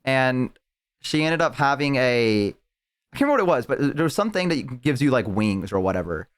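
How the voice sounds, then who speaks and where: A man's voice: medium pitch, expressive, fairly quick, clear, resonant tone. A young man streaming live, telling a long, rambling story in casual chat with lots of fillers and restarts.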